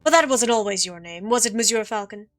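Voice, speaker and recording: A woman voicing a sly, smooth-talking male fox con artist in a game playthrough, theatrical and evasive. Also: mid-range voice, animated, a little fast, soft background music, close to an everyday voice. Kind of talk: reading game dialogue aloud.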